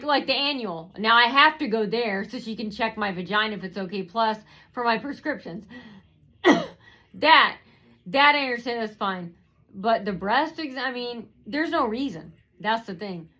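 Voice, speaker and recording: A woman's voice: fairly high pitch, lively intonation, a little slow, sharp tone, low-quality recording. Woman, vlogger, casual storytelling, hesitant, full of fillers and restarts. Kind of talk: rambling personal storytelling.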